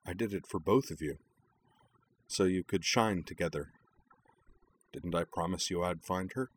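A kind, wistful young man who speaks softly and gently in a deep voice , as a man reads him. His tone stays quiet and steady. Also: moderate pace, a little hiss or hum, lightly acted. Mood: gentle. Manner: gentle, soft-spoken.

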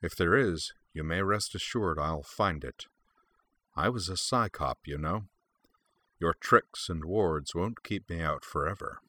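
This is a cold, menacing Sith lord, voiced by a man reading a story aloud. He speaks low and forcefully, with threat underneath every word, in a dry, close sound. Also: measured pace, no echo, exaggerated voice.

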